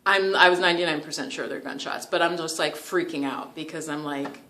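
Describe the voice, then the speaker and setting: A deep-voiced New York woman, a yoga and meditation vlogger, tells a casual story to the camera at a brisk clip with few pauses. She's chatty and animated, laughs often, and fills her speech with "like."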